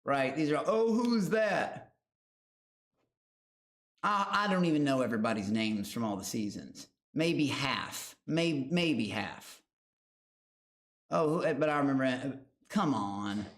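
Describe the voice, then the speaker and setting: A man's voice: medium pitch, animated, a little slow. Brief: mid-voiced male streamer, loose and profane casual commentary addressed to chat. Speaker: streamer reacting to a show.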